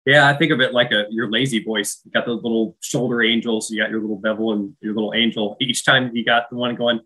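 A man's voice: mid-range voice, steady tone, fast, hardly any pauses, pushed and bright, rough recording. A man adding his view in a casual talk, thoughtful and a little hesitant, with many fillers. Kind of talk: casual chat.

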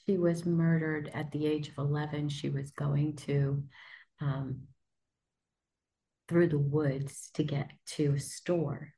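A woman from New York hosting a podcast interview, speaking in a measured storytelling way. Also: low voice, fairly even intonation, warm tone, poor audio. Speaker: podcast host. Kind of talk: conversational interview.

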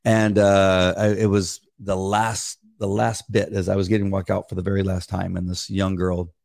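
A man's voice: deep voice, little pitch movement, moderate pace, creaky, a little mellow, dry recording, clean studio sound. A man, a former police officer co-hosting a devotional podcast, telling a long story in a rambling way with many restarts. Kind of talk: casual devotional chat.

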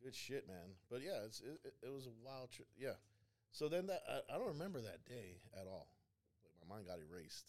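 A man's voice: mid-range voice, very animated, a little fast, darkish tone. A young man, a podcast guest, talking in a laid-back, casual way and swearing freely. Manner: laid-back, swears a lot, says dude often. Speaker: podcast guest, combat veteran. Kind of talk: casual chat.

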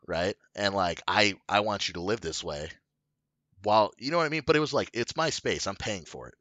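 A man's voice: fairly low pitch, sharp tone, no room sound. Rambling, profane man telling a story. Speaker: podcast co-host telling a story. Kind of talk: casual chat.

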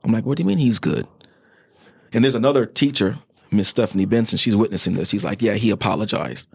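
Former teacher recounting a story, fast and gravelly, animated. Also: male voice, fairly low pitch, no room sound. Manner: animated, acts out quoted voices. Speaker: former fourth grade teacher, guest. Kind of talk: storytelling in an interview.

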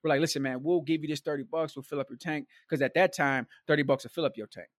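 The speaker, a man whose voice runs on the high side, talks at a quick pace in a dry, studio-quality recording. As a guest storyteller he rambles animatedly through a long tale, with slang asides and heavy use of "like," "man" and "bro."

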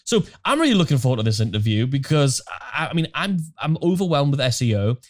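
Lively, animated male podcast co-host. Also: mid-range voice, fast talker. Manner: animated, jokey, repeats words when starting. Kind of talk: casual podcast chat.

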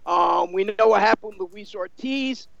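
Male pundit, high and creaky, dry close sound, loose rambling delivery. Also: moderate pace, fairly bright tone, no echo, highs cut off. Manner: rambling, filler-heavy with many you-knows. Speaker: boxing analyst. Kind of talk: casual sports discussion.

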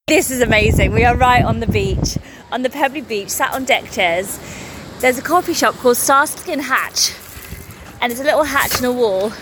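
A woman's voice: on the high side, moderate pace, background noise. A woman in her thirties from England, a comedian chatting casually and swearing freely in a vlog filmed on her phone. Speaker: comedian and vlogger. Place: home kitchen and seaside beach.

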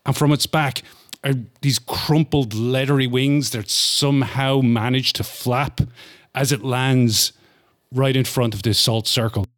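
A man narrating a tabletop horror game as game master, describing events slowly to build dread. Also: medium pitch, steady tone.

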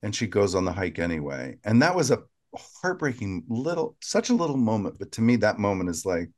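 A man's voice: on the low side, big pitch swings, fairly quick, darkish tone. A middle-aged man co-hosting a casual podcast, telling stories and recapping scenes in detail. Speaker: podcast co-host.

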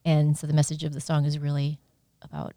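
A lively woman from Iowa chats as a guest on an interview show, animated and quick to laugh. Her voice sits on the low side. The sound is dry and close. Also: no echo. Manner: chatty and animated, laughs easily, spells words out. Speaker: guest musician. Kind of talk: casual interview chat.

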